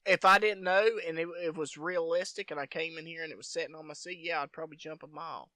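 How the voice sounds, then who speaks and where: Bright-voiced, profane male storyteller. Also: on the high side, steady tone, fast talker, no echo. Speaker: podcast host. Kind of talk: casual storytelling chat.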